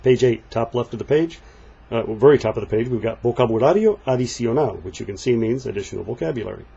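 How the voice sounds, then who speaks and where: A man walking through a Spanish textbook page, patiently explaining and reading the example phrases slowly. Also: medium pitch, creaky, dark tone, husky, dull audio. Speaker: Spanish teacher. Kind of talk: textbook walkthrough lesson.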